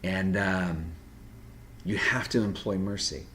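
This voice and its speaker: Deep-voiced man giving earnest advice. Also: steady tone, fairly bright tone. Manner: earnest and direct, with pauses and restarts. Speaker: video host giving personality-type advice. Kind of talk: unscripted advice monologue.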